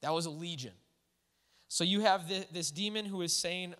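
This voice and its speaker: A man preaching a sermon in a casual, animated way, full of asides to his listeners. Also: high-pitched, normal speed. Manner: conversational, animated, full of "like" and "all right". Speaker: pastor. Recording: echoey hall.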